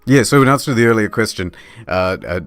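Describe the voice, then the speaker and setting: A low-pitched man talks through a live stream in an offhand, loose way, cursing under his breath and reading viewer messages aloud. Soft music plays faintly under his voice. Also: fast talker, clean tone, dry recording. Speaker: streamer editing a video. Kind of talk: casual live-stream chat.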